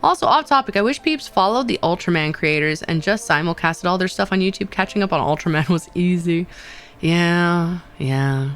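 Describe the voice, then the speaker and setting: A woman's voice: fairly low pitch, animated, normal speed, a bit bright. A woman streamer casually chatting with her viewers in a playful, rambling way, often laughing and repeating herself. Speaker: VTuber streamer.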